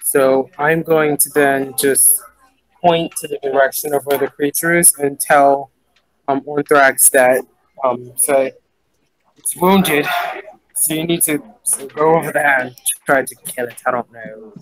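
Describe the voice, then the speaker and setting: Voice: mid-range voice, steady tone, a little slow, low-quality recording. A player in a casual tabletop game, thinking aloud and counting dice with fillers.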